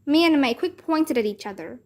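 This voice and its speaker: A woman narrating a children's chapter book aloud in a clear storytelling manner. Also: high-pitched, animated, brisk, a little mellow.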